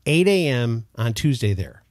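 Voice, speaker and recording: A man's voice: mid-range voice, sing-song, normal speed, no room sound, clean studio sound. A man with an American accent hosting a podcast in casual, chatty, self-mocking conversation. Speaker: podcast host. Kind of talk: casual chat.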